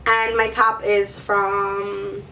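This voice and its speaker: A woman's voice: mid-range voice, completely flat delivery, extremely slow, distant mic, heavy background noise. A woman beauty vlogger chatting to camera while sick with a sore throat, gushing and peppering her talk with "like". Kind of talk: casual chat to camera.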